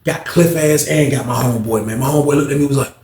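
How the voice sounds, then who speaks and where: A man's voice: mid-range voice, fast. A man telling a story to his audience in casual slang and curses, acting out other people's voices as he goes. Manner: animated, acts out others' voices, heavy slang and cursing. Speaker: storyteller recounting his prison days. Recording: roomy echo.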